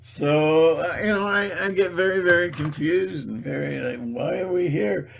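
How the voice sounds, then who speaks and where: A man's voice: fairly high pitch, gravelly, a little hiss or hum. A man in a rambling solo video monologue, sarcastic and mocking, laughing at his own jokes and stumbling over repeated words. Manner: halting, repeats words and restarts. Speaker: video blogger.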